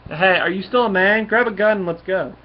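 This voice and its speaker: A man's voice: sits high, a little fast, pitched above the performer's own voice, close to an everyday voice. A man reading out the lines of a snarky male talking raccoon gunman, in his own voice. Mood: taunting. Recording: dull lo-fi recording.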